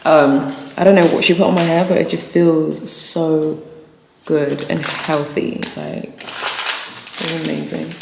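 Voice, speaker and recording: A young woman vlogger chats casually and animatedly with her viewers, speaking in a low voice at a slow pace with vocal fry. She records in an echoey room with noise.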